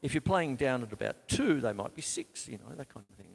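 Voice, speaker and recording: A man's voice: medium pitch, very animated, a little fast, creaky, husky. A man with an Australian accent teaching drums in a live online lesson, counting beats aloud as he plays. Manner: casual, counts beats aloud while playing. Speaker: drum teacher. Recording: reverberant room with loud drums.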